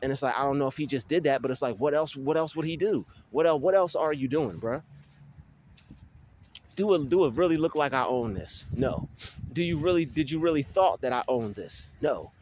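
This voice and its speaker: A young man vlogging on his phone while walking outdoors in a field, talking in an animated, ranting way with many restarts. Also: a little high, moderate pace, a little hiss or hum. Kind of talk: casual vlog monologue. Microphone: phone held while walking.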